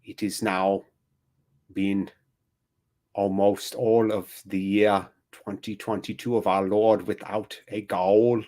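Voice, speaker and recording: A solemn documentary narrator with a heavy German accent , as a man puts him on, intones a mock-tragic account. The voice is low and drawn out, with long, weighty pauses. It speaks with deadpan gravity.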